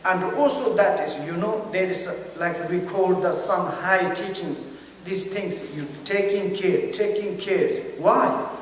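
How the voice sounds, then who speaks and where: A man giving a Buddhist teaching in halting English, often pausing to search for words. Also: high-pitched. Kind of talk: dharma teaching. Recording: very echoey hall, mic far off, faint noise.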